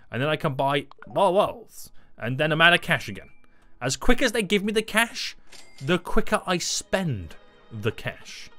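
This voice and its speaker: A man narrating his gameplay with huge swings in pitch and a bright, forceful tone. He jokes constantly and bursts into shouts, with faint music playing underneath. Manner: loud, jokey, shouting outbursts and sudden pitch jumps. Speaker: gaming YouTuber. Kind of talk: energetic gameplay commentary.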